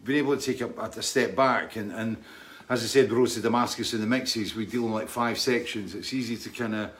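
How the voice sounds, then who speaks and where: A man's voice: lowish voice, fairly even intonation, a little fast, fairly bright tone. Rambling friendly male livestream host. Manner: rambling, friendly, reads out viewer names. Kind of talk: casual live-stream chat.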